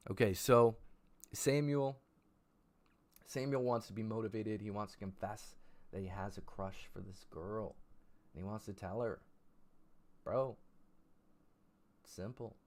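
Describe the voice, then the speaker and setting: A man's voice: fairly low pitch, measured pace, pauses often. A young man hosting a casual livestream, hyped and repeating viewers' names as he reads their messages. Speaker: livestream host.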